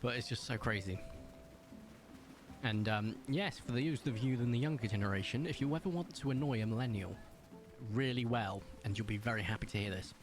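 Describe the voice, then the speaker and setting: A man's voice: expressive, moderate pace, pauses often, over music. Chatty man in his thirties, cooing to his cat. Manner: chatty, talks fondly to his cat in a high coaxing voice. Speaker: streamer. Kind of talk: casual gaming stream chat. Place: home desk room. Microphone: desk microphone.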